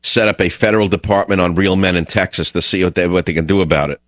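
A man's voice: deep voice, fairly even intonation, quick pace, fairly bright tone, no echo. A middle-aged man with a New York accent hosting a call-in radio show, talking in a direct, opinionated way and restarting his words. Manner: direct, opinionated, repeats words when starting. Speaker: radio talk show host.

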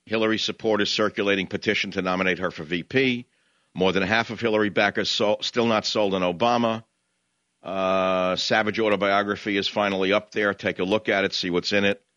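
A man's voice: fairly low pitch, fairly even intonation, brisk, fairly bright tone, no room sound, dull audio. A man hosting talk radio, ranting angrily and hurling insults at his targets. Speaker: radio talk show host. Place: radio studio.

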